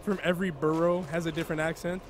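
A man's voice: on the high side, little pitch movement, fast talker. A young man from New York streaming a co-op game, joking and swearing with a friend. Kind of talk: casual gaming chat. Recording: noisy stream audio.

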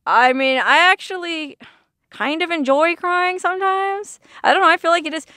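Outdoors in the desert near Las Vegas, a vlogger talks to camera in an extremely high, sharp voice at a moderate pace; the recording is dry and studio quality. Her casual monologue is chatty and earnest, full of laughter and folksy exclamations.

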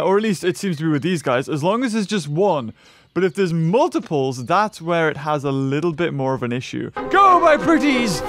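Man, high voice, very animated, excitable gameplay commentary, exclamations. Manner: excitable, lots of exclamations and laughter. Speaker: gaming video host.

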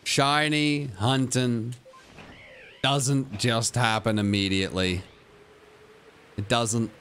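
A man's voice: mid-range voice, fairly even intonation, slow, pauses often, fairly bright tone, slight background noise. A young man livestreaming a game, switching between a hyped, goofy streamer voice and glum, self-mocking mutters to his chat. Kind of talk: casual livestream commentary.

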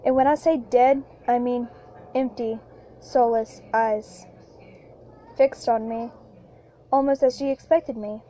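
A woman narrating a first-person horror story in a halting way, with frequent restarts and repeated lines. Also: a little high, fairly even intonation, warm tone. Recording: lo-fi with faint background music.

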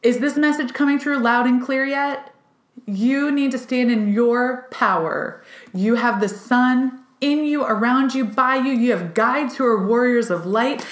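A woman giving a casual, channeled card reading to her viewers, excited and chatty, with many "like" fillers. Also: a little high, measured pace. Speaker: intuitive card reader. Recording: roomy echo.

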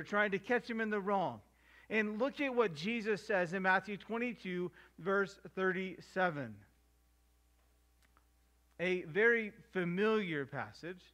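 Here a middle-aged pastor preaches in a high, slightly bright voice. He emphasizes quoted verses by slowing down and brings household scenes to life by doing the voices.

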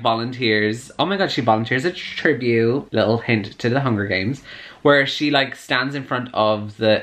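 A man's voice: medium pitch, a bit bright. A man in his twenties chatting casually in a reading vlog, gushing and full of "like" fillers. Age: 20s. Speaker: book vlogger.

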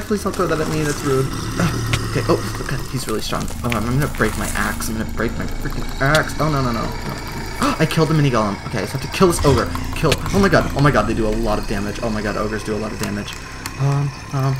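A young man hosting a let's play, excitable and gasping, leaping to high shrieks when something scares him. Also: fairly quick. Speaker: gaming channel host. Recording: noisy home recording with keyboard clicks.

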